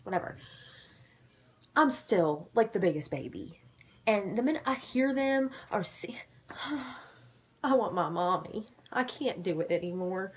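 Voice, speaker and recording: Excitable husky-voiced woman vlogger. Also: lowish voice. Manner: animated and excitable, with sudden dramatic whispers. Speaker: vlogger recapping a ghost-hunting show. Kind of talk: casual episode recap.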